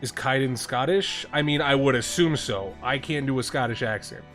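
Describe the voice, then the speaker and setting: A man's voice: mid-range voice, moderate pace, fairly bright tone. Chatty man streaming a game. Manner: chatty, self-deprecating asides. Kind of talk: casual live game commentary. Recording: game music behind voice.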